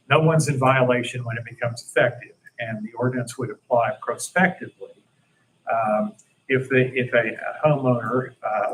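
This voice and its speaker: A man presenting a draft ordinance at a city council meeting, plain-spoken and filling pauses with "uh" as he talks through slides. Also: mid-range voice, a bit bright, slight background noise, poor audio. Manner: self-deprecating, plain-spoken, many fillers.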